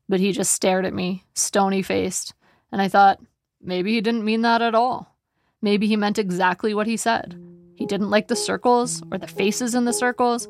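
A woman narrating an audiobook in a wry, steady storytelling manner. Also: medium pitch, moderate pace, no room sound, clean studio sound.

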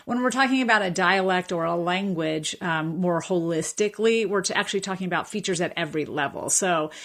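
A woman professor of linguistics explaining speech differences in a radio interview, measured and thoughtful with frequent fillers and restarts. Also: fairly low pitch, fairly bright tone.

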